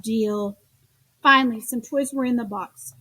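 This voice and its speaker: A woman reading children's picture books aloud in an expressive storytelling manner. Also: fairly high pitch, normal speed, a little hiss or hum. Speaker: storybook reader.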